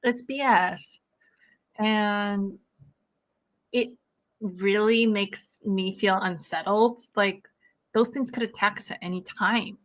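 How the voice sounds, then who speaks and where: A woman's voice: medium pitch, fairly even intonation, slow pace, long pauses, fairly bright tone. A young woman hosting a casual watch-along stream, chatting with viewers and laughing a lot, with many "like"s. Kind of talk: casual chat with live viewers.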